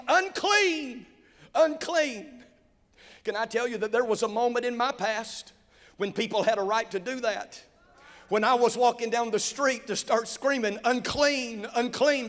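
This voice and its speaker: A man preaching a sermon in a church sanctuary, with call-and-response and rising shouts. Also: very high-pitched. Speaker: pastor. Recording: long hall reverb.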